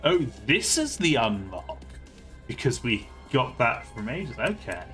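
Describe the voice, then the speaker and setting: A very animated man with a mid-range, fairly bright voice streams a story game at an unhurried pace, faint music playing behind. He reads the game's lines aloud and then reacts to them chattily.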